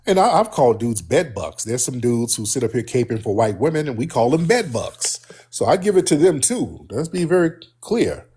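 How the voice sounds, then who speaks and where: A man's voice: medium pitch, very animated, normal speed, few pauses, dark tone, breathy edge. A man hosting a heated live-stream call-in debate, blunt and combative, talking over his callers. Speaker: livestream host.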